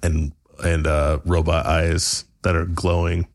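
A man hosting a podcast, improvising a comedy story with rambling asides and laughter, often jumping into high character voices. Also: little pitch movement, takes it slowly. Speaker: podcast host.

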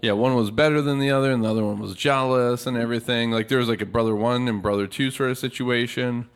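A man's voice: medium pitch, fairly even intonation, fast, clean tone. A man co-hosting a comedy podcast, rambling through stories with lots of fillers and teasing his co-host. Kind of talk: comedic casual banter.

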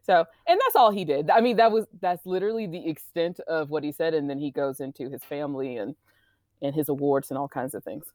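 A woman chatting casually as co-host, animated and teasing in an incredulous way. Her voice sits lowish, recorded dry and close with no room sound. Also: fairly quick, no room sound. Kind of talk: casual chat.

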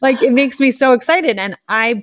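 A woman's voice: sits high, animated, moderate pace, no room sound. A woman in her forties hosting a podcast, chatting eagerly and laughing often while she interviews a guest. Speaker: podcast host. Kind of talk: casual interview chat.

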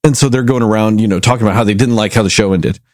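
A man's voice: lowish voice, rapid-fire, no echo, soft background music. Dry-sounding man reviewing movies casually. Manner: rambling, animated storytelling with acted quotes. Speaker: movie review podcast host.

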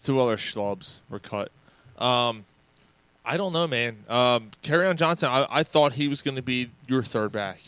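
A man's voice: mid-range voice, animated, a little slow, a bit bright, clean tone, no room sound. A man hosting a podcast in casual chat, rambling and swearing a lot between laughs. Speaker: podcast host.

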